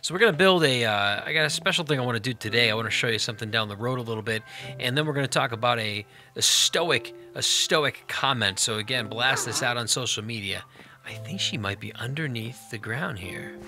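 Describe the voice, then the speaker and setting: A man's voice: mid-range voice, animated, brisk, sharp tone, faint music behind. A man hosting a Let's Play, giving upbeat, chatty gameplay commentary and talking directly to viewers.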